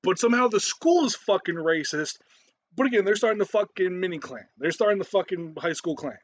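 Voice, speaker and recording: A man's voice: high-pitched, expressive, a little fast. A man giving a profane, ranting reaction commentary, swearing heavily and cutting in with laughs.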